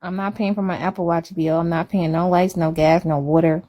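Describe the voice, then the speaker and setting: A woman's voice: on the low side, steady tone, fairly quick, dark tone. Chatty woman. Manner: chatty, emphatic, repeats herself for effect. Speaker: livestreamer. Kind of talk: casual live-stream chat.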